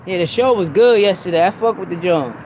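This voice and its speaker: A man's voice: sits high, a little fast, a little mellow, slight background noise, rough recording. A man hosting a podcast, talking about boxing in a blunt, profane, heated way. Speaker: podcast host. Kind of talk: casual opinionated sports talk.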